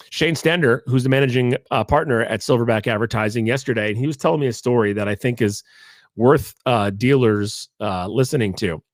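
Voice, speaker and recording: A man's voice: medium pitch, dry recording, studio quality. A man hosting a podcast, talking casually in a rambling, jokey monologue. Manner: animated, rambling, jokey asides. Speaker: podcast host.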